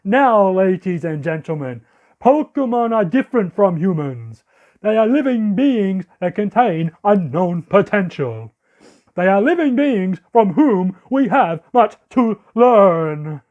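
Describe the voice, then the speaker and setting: Guy putting on a pompous preachy speechmaker, weird fake accent, slow and grand, lo-fi audio. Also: high voice, very animated, exaggerated voice. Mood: grandiose. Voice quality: odd put-on accent. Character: pompous male orator preaching to a crowd.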